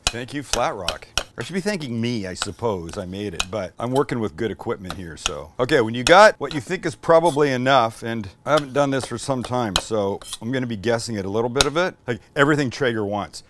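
A man's voice: mid-range voice, expressive, a little fast, hardly any pauses, background noise. Playful man cooking at a griddle. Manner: playful, teasing, chatty. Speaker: cooking show host. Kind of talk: casual cooking demo.

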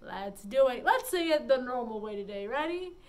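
A young adult woman librarian leading a children's story time, animated and sing-song with big pitch swings. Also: normal speed.

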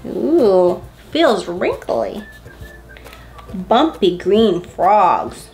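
A woman's voice: medium pitch, expressive, very slow, darkish tone, faint music behind. A woman hosting a story time, reading a picture book aloud to preschoolers in a playful, coaxing way, with gasps and questions for the children.

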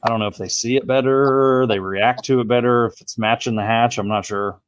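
A man's voice: mid-range voice, fairly even intonation, brisk, clear, resonant tone. A man who is a guest on a fishing podcast, speaking in a matter-of-fact way and often saying "I mean.". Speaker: podcast guest, tournament angler. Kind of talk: casual podcast chat.

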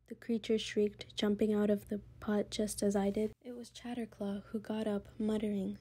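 A woman reading a children's book aloud in a soft, quiet storybook manner. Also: medium pitch, little pitch movement, normal speed, few pauses, husky. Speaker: reader.

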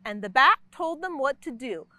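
A woman library storyteller reading a picture book aloud, expressive and full of sound effects. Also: sits high, moderate pace, no room sound.

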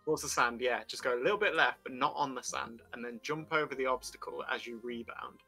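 Casting: young man, crisp bright voice, chatty joker on a headset, faint game music. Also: medium pitch, fast talker. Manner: joking, chatty, gives excited directions. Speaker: gamer. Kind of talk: casual game chat with friends.

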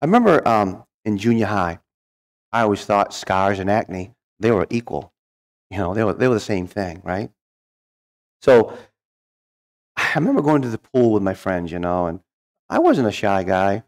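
A man's voice: lowish voice, lively intonation, normal speed, pauses often. A middle-aged man telling his life story as a guest speaker, folksy and humorous, acting out the voices of people he quotes. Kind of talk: storytelling testimony.

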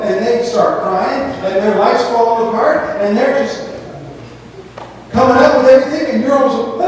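High-voiced male pastor in an echoey hall. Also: a little fast, a little hiss or hum. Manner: conversational preaching with storytelling. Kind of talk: sermon. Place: church sanctuary. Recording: echoey church hall from far off.

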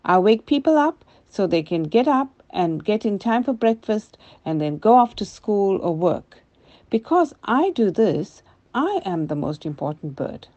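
A proud rooster crowing about himself in a storybook tale, as an older woman reads it aloud. The voice is mellow and dark, with a dull, lo-fi sound. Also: mid-range voice, big pitch swings, unhurried, no echo. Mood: boastful. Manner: storybook telling to children. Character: boastful rooster, proud and loud.

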